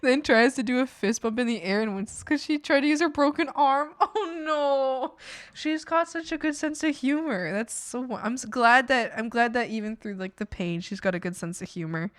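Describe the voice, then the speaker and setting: A woman's voice: fairly high pitch, clear, resonant tone, no echo, studio quality. Giggly young woman chatting on stream. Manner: giggly and emotional, laughs often, trails off and restarts. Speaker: art streamer. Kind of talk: casual livestream chat while drawing.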